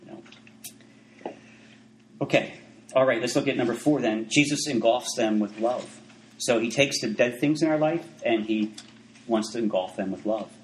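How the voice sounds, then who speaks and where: Conversational preacher in an echoey room. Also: male voice, mid-range voice, measured pace, pauses often, a little hiss or hum. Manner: conversational, many asides and restarts. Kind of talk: sermon.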